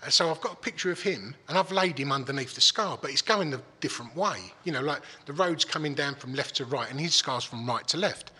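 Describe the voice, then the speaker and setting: A man's voice: fairly high pitch, expressive, a little fast, hardly any pauses, bright, forceful tone, breathy edge. A man telling a story in casual chat, swearing freely and restarting his sentences. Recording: long hall reverb.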